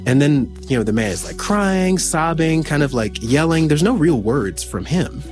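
A man telling a personal story as an interview guest, reflective and pausing to search for words. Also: on the high side, animated, darkish tone, soft background music.

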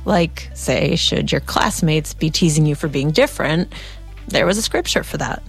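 A woman's voice: sits low, expressive, moderate pace, creaky, husky, faint music behind. A woman host narrating a story and asking curious, attentive questions. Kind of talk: scripted narration and interview questions.

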